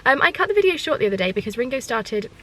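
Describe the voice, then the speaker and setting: A young woman vlogging at a horse yard, chatting fast and rambling with lots of ums. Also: a little high, sing-song, a bit bright, poor audio. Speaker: equestrian vlogger. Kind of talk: casual vlog chat to camera.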